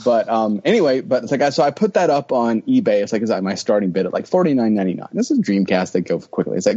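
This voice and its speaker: A man chatting casually on a podcast, animated and profane, acting out his own reactions. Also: lowish voice, husky, dull audio. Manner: animated, swears, acts out reactions. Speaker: podcast co-host. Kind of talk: casual chat.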